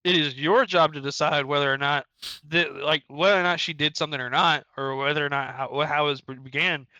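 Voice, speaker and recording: Dry, bright-voiced man cutting in. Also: on the high side, fairly even intonation, dry recording, muffled recording. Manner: quick, joking interjections. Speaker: podcast co-host. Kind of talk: casual chat.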